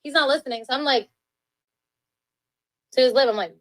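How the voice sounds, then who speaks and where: A woman's voice: high-pitched, normal speed, fairly bright tone, dry recording, low-quality recording. A woman guest on a podcast, telling a story in a casual, profane, exasperated way. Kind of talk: interview storytelling.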